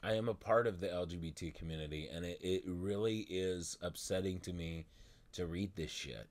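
Low-voiced man in a frustrated rant. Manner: exasperated, swearing, halting restarts. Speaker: vlogger. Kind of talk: angry vlog rant.

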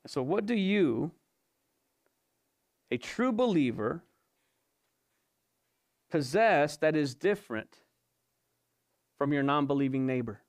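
A man's voice: on the high side, expressive, takes it slowly, pauses often. A male pastor giving an evening sermon, asking rhetorical questions and repeating his points for emphasis. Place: church service.

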